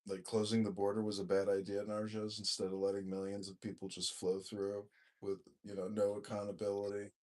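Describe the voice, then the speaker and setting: A man with a fairly low voice holds forth in a casual online chat, blunt and crude. He swears freely and rants at length. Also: completely flat delivery, fairly quick, hardly any pauses, darkish tone. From Chicago area, US. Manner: blunt, profane, ranting. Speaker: podcast host and mayoral candidate. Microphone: online voice chat room.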